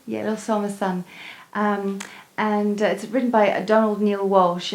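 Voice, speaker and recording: A woman's voice: medium pitch, fairly even intonation, normal speed. A woman hosting a meditation evening, telling a story to a live audience with um and uh fillers, in a room of listeners. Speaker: meditation event host.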